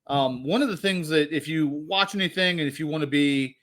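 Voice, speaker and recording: Dude on a movie podcast, bit higher voice, kinda rambly and jokey. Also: male voice, brisk, a bit bright. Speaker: podcast co-host. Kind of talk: casual movie discussion.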